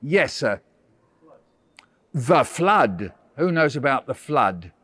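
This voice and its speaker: A man's voice: mid-range voice, very animated, slow pace, fairly bright tone, husky, dry recording. A man, a visiting author, running a playful storytelling workshop for children and coaxing them with questions.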